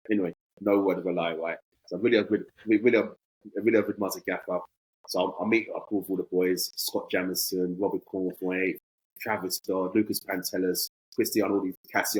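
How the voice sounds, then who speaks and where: Fast-talking husky man. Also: low voice, poor audio. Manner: animated, acts out both sides of conversations, repeats phrases. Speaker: podcast guest. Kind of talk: casual anecdote telling.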